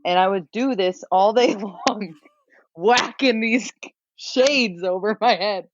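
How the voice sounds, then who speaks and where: A woman's voice: medium pitch, slow, highs cut off, slight background noise. A young woman, a podcast guest, telling a rambling self-mocking story and laughing often. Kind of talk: casual storytelling.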